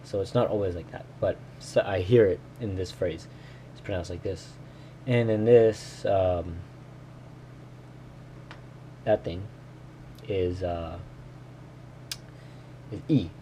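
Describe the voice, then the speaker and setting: A man recording himself while learning Korean, thinking aloud and repeating phrases slowly in a casual way. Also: low voice, warm tone, a little hiss or hum. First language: English.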